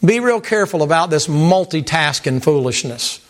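A man preaching a sermon to a congregation in a folksy, animated way, repeating words and mimicking sounds. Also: a little high, normal speed. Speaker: pastor. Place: church sanctuary with congregation.

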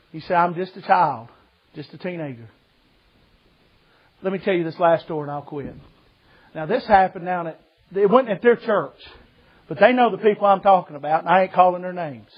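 During a church service, a man with a high, breathy voice delivers a humorous, folksy sermon at a moderate pace, with long pauses. He jokes, tells stories, and calls his listeners brother, all on lo-fi audio.

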